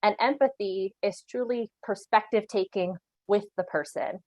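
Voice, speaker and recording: A woman with a darkish, mid-range voice speaks at a moderate pace while leading an online training as an animal control officer. Earnest and instructive, she checks in often with "right?" and has occasional light laughs. The audio is poor, though it has no echo.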